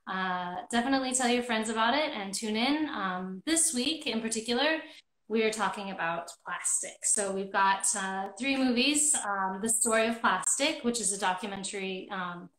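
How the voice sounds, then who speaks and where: A woman hosting an online movie discussion, talking casually with many pauses and restarts. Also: fairly high pitch, a bit bright, reverberant, poor audio. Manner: friendly, hesitant, many ums and restarts. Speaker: host of a movie discussion club.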